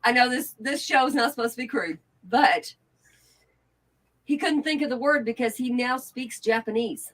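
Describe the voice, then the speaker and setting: A woman co-hosts a relaxed talk show with a somewhat high voice. She banters playfully, in a plain, down-to-earth manner. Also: normal speed. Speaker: co-host. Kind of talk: casual chat.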